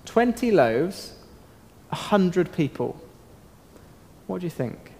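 A man leading an interactive Bible talk for children, asking them questions and using dramatic pauses. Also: high-pitched, sing-song, creaky, darkish tone. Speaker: children's talk leader at church. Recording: long hall reverb.

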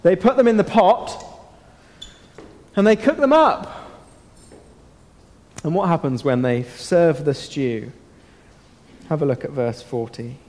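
Animated man leading a children's Bible talk. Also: on the high side. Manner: animated, asks children questions, dramatic pauses. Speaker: children's talk leader at church. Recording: long hall reverb.

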